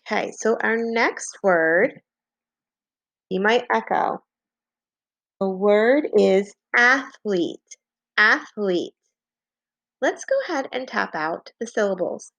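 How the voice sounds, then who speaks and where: A woman teaching a phonics lesson to young children, slowly and patiently dictating and spelling out words. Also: medium pitch, animated, a bit bright, no echo. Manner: slow, clear, patient dictation with repeated words.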